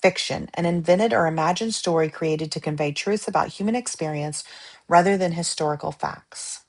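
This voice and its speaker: A woman reading study-guide definitions aloud in a measured, list-like way, pausing between terms. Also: deep voice.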